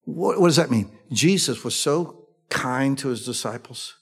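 A man's voice: medium pitch, expressive, unhurried, breathy edge. A man preaching a sermon with fervor, throwing rhetorical questions to his listeners. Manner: fervent, rhetorical questions to the congregation.

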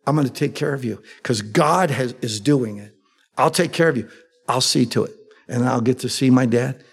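A preacher playing Joseph, eager and reassuring. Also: male voice, medium pitch, normal speed, husky. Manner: eager, reassuring, paraphrasing scripture as the character. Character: Joseph, grown man welcoming his family. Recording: long echoey hall reverb.

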